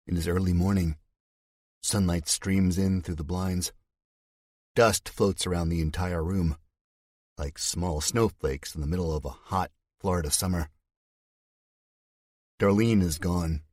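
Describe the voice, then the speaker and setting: A man narrating a thriller audiobook in the first person, with a steady, measured delivery. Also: low-pitched, no echo, clean studio sound.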